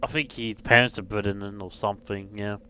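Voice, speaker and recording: A man's voice: fairly low pitch, fairly even intonation, a little fast, bright, forceful tone. A man on a game stream, chatting casually and chiming in with short, laid-back remarks. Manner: laid-back, brief interjections. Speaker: co-host friend.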